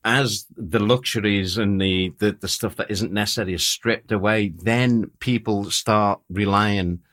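A man's voice: lowish voice, fairly even intonation, a little slow, fairly bright tone. A man, a war photographer telling stories in a casual chat, self-mocking and laughing often.

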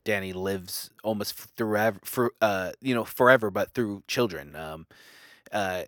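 A man's voice: fairly low pitch, a little slow, fairly bright tone, no echo, clean studio sound. A young man in casual book talk, rambling with many fillers and restarts. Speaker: book discussion co-host.

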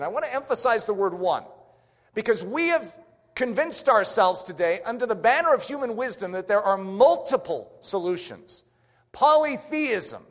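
Male preacher, high and animated, emphatic rhetorical questions, echoey church hall. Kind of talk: sermon.

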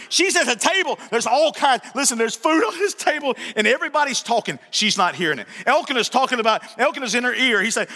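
Male pastor, animated storytelling sermon, bright high voice, echoing church hall. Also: fast, few pauses. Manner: animated storyteller, joking, repeats phrases.

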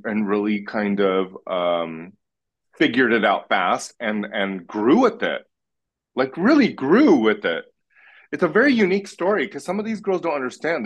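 A man of middle pitch talks loosely on a podcast, teasing his friend. His manner is blunt and salty, with plenty of swearing. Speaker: podcast guest. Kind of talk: casual chat.

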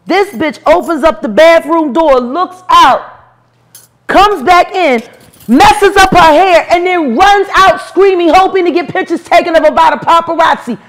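A woman in her forties, an interview guest, telling stories in a brash, profane, animated way with bursts of laughter. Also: very high voice, measured pace. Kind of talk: storytelling interview.

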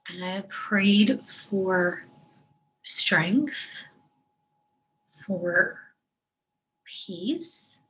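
A woman in a personal video diary, tearful and crying as she talks, halting and soft, often dropping to a breathy whisper. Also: medium pitch, low-quality recording. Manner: slow, hesitant delivery with long pauses. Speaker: vlogger sharing her faith.

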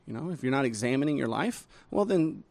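A man, a pastor, chatting casually on a podcast in an animated, playful way. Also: mid-range voice, vocal fry, dry recording. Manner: animated and playful, reads quotes slowly.

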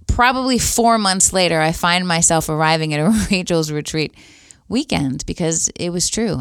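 A middle-aged woman tells her personal faith story, earnest and heartfelt, with casual fillers along the way. Her voice sits a little low and sounds smooth and resonant. The sound is dry and close, with no room echo. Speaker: speaker sharing a faith testimony.

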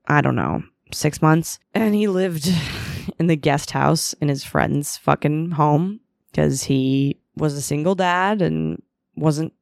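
In this solo confessional monologue, a podcast host tells a candid, foul-mouthed, self-mocking story about her relationships, at times acting out her past inner voice. She has a deep, slightly mellow voice with vocal fry and a slow pace, recorded in clean studio sound without echo.

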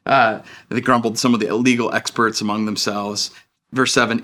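A man's voice: fairly low pitch, level tone, normal speed, bright, forceful tone. A man in his thirties preaching a sermon as pastor, in a casual, chatty way that acts out the people he quotes.

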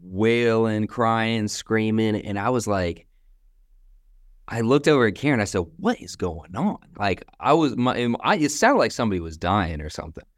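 A young man with a very deep, low voice tells stories in a relaxed, chatty way. He sprinkles in casual slang and laughs easily between points. The sound is dry and close, with no room around it. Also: normal speed, no room sound. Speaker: guest, company founder. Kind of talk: casual storytelling interview.

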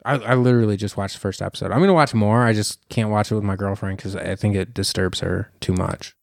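A man's voice: lowish voice, steady tone, quick pace, creaky, dry recording, clean studio sound. A man co-hosting a casual podcast chat, rambling and joking. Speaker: podcast co-host.

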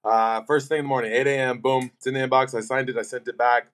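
A young man guesting on a podcast, a football player with an ordinary middle-range voice. He tells his stories in a loose, animated way, full of fillers and restarts, and he gets caught up in the retelling. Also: medium pitch, fast. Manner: animated, filler-heavy anecdote telling. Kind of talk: casual storytelling.

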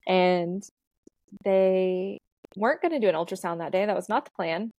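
A woman in her thirties, a doula appearing as a podcast guest, tells her birth story in a chatty, casual interview, laughing often and using lots of fillers. Her voice is medium-pitched and a little mellow, at a moderate pace. The recording is dry, with the highs cut off.

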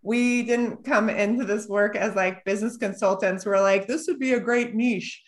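A woman's voice: mid-range voice, fairly even intonation, moderate pace. A woman therapist co-hosting a podcast, chatting casually, with frequent laughter and lots of filler words. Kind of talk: casual chat.

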